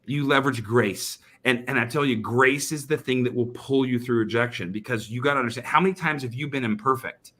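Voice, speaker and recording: A man of ordinary pitch tells a work story to a podcast host over a video call. He speaks with conviction, often doubling words and restarting his sentences as he presses his point. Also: fairly quick, few pauses, fairly bright tone. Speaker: sales trainer guest. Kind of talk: animated storytelling in a podcast chat.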